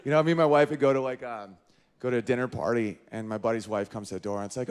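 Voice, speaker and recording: A man in his thirties doing an animated stand-up comedy routine, jumping in and out of character voices. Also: fast, smooth. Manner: animated, jumps into high-pitched character voices.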